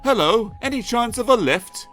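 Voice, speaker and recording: A man's voice: very high-pitched, expressive, moderate pace, fairly bright tone, soft background music, pitched above the performer's own voice. A man voicing a cheerful, chatty young man in a storybook reading, in a raised, upbeat voice.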